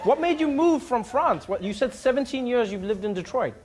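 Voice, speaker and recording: Man, high voice, comedian, crowd work, mock accents, laughing, live audience noise. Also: lively intonation, fairly quick. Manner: playful, mimics accents, laughs often. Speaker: talk show host bantering with audience. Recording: live studio audience, noisy.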